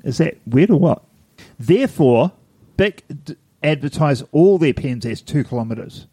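A man's voice: a little high, lively intonation, unhurried, dark tone, husky, no room sound. A man, co-hosting a podcast in casual chat, rambling and laughing at himself. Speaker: podcast co-host.

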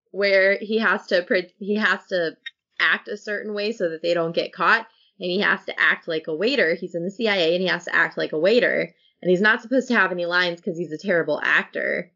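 A woman's voice: medium pitch, sharp tone. A woman hosting a podcast, chatting casually and telling self-mocking stories with frequent laughs. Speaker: podcast host. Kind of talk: casual chat. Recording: dull lo-fi recording.

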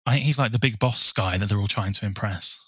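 A man co-hosting a film podcast, measured and informative, steering the conversation. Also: fairly low pitch, a bit bright, breathy edge, no echo. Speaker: podcast co-host. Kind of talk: casual film chat.

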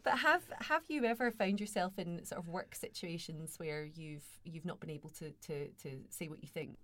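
A woman's voice: on the low side, normal speed, fairly bright tone. Woman host asking questions. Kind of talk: casual chat.

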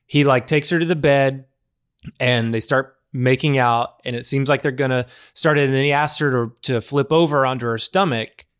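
A man's voice: medium pitch, moderate pace, a bit bright, smooth. Brief: man co-hosting a movie podcast, earnest rambling storyteller. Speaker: podcast co-host. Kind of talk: casual film discussion.

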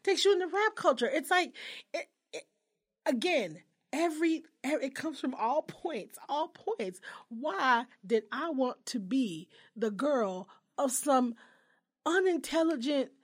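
A woman in her thirties telling stories in a casual chat, animated and profane, often breaking into laughter. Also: sits high, a little slow. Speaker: podcast co-host.

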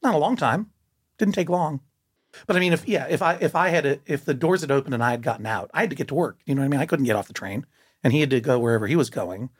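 A man telling a personal story in casual conversation, lively and full of restarts, jumping up in pitch for emphasis. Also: fast, breathy edge. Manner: animated, many restarts, jumps up in pitch for emphasis.

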